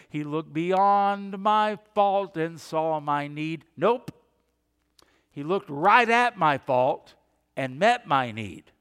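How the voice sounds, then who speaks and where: A man's voice: sits high, fairly bright tone, smooth, long reverb tail. A middle-aged man preaching a sermon as a pastor, emphatic, asking his congregation questions and answering them himself.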